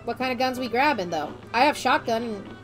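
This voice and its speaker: A woman's voice: fairly high pitch, expressive, brisk. A woman streaming a game with a friend, chatting casually and swearing when things go wrong. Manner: swears often, swings between frustration and cheer. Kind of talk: casual gameplay chat. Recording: game music playing behind.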